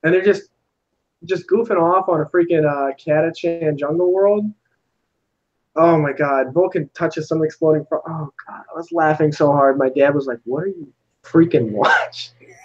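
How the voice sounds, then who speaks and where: A man's voice: a little high, moderate pace. A man co-hosting a casual live chat, laughing often and telling stories with energy. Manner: laughs often, animated storytelling. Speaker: podcast co-host. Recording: dull lo-fi stream audio.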